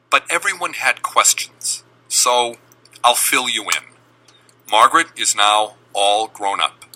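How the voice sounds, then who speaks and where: A middle-aged man from Boston telling a personal family story with deliberate, dramatic pauses. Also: medium pitch, sharp tone, poor audio.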